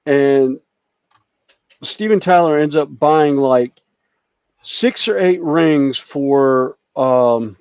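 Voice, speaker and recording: A man with a slightly high voice spins a long, casual anecdote for friends on a video call, full of fillers and restarts. The audio is dull and dry, like a call microphone. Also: drawn-out words, long pauses, a little mellow, clear, resonant tone, no echo. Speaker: hobby group member. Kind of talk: casual storytelling on a group call.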